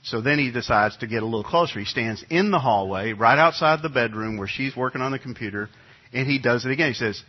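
A middle-aged male pastor tells a homely story from the pulpit, easygoing and full of little restarts. His voice is a touch husky, and it comes across a bit dull and muffled, like a church sound system. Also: mid-range voice, quick pace. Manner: conversational, folksy storytelling with many restarts. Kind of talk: sermon with personal anecdote. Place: church sanctuary.

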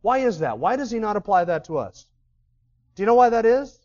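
High-pitched guy preaching hard, asks the crowd questions, kinda muffled lo-fi sound. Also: very animated, fairly quick, a little mellow. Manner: impassioned, acts out quoted voices, asks the audience questions. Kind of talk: sermon. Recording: slightly dull, lo-fi recording.

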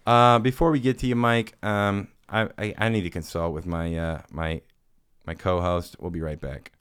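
A man's voice: low-pitched, level tone, normal speed, fairly bright tone, smooth, no echo, clean studio sound. A man hosting a podcast, telling rambling, self-deprecating stories in casual chat. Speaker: podcast host.

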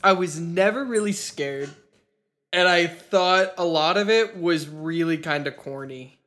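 A man with a high, bright, ringing voice chatting on a podcast. He hesitates and restarts his sentences as he works out his point. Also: measured pace. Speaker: podcast co-host. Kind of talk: casual podcast chat.

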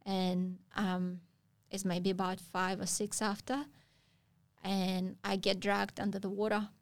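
A woman's voice: medium pitch, completely flat delivery, dry recording. Woman telling a story. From Russia. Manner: halting non-native phrasing with frequent pauses. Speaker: guest. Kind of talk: casual storytelling interview.

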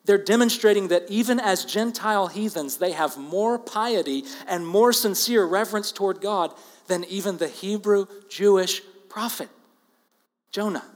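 A man preaching an expository sermon, earnest and emphatic, with loud stresses and quiet asides. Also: high-pitched, normal speed. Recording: long reverb of a large hall.

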